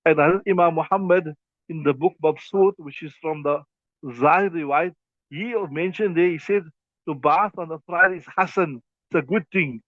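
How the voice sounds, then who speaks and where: A man teaching from an Islamic legal text, with a fairly high voice. He walks through each point slowly and keeps checking in with his students. The sound is thin and phone-like, with no room around it. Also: no room sound. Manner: explains step by step, often checks "right?". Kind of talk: classroom text lesson. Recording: thin phone-like dry recording.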